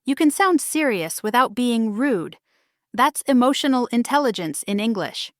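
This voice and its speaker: A woman with a fairly high voice leads a scripted English speaking lesson. She models short phrases slowly and repeats each one so the listener can shadow her. The recording is close and dry, with no room around the voice. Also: lively intonation, no echo. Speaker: English teacher.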